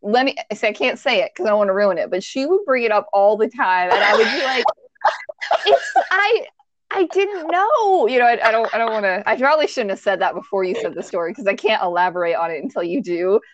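A woman's voice: mid-range voice, fast, few pauses, slight background noise. A woman co-hosting a podcast in casual chat, teasing her friend and trailing off mid-thought. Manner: chatty, teasing, trails off and restarts. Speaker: podcast co-host. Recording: dry, dull lo-fi sound.

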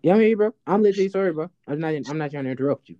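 A man listening on a call gives quick, apologetic replies. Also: on the high side, expressive, warm tone, no room sound, muffled recording.

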